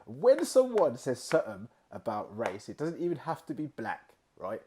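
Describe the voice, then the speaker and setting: A man chats casually with his co-host, dropping slang and tag questions. His voice moves up and down in a lively, animated way. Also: mid-range voice, normal speed, a little hiss or hum. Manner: chatty, slangy, frequent "you know what I mean" tags. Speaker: co-host and comedian. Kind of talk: casual chat.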